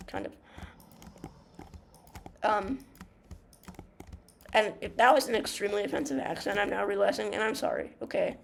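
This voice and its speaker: A woman's voice: mid-range voice, very animated, normal speed, vocal fry, pauses often, a little hiss or hum. A young woman giving casual gaming commentary, rambling and ranting through a story retelling with many fillers, restarts and swearing. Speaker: gamer.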